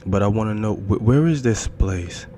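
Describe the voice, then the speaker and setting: A man's voice: fairly low pitch, moderate pace, mellow, slight background noise, close to an everyday voice. A man playing a stammering, frightened man. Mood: nervous. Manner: stammering, repeats words nervously. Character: frightened confused man with no memory.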